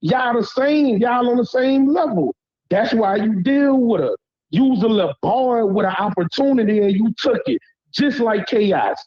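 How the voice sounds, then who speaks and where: His voice is extremely high-pitched with lively intonation at normal speed, and the highs are cut off. The man, a Louisiana caller with a Southern accent, rants heatedly at a panel in blunt slang, often checking "you hear me."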